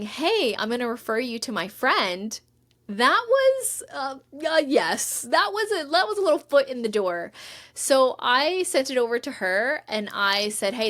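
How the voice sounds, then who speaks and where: A young adult woman hosting a podcast, telling a personal story in an excited, animated way with quick bursts and restarts. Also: on the high side. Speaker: podcast host. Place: at home.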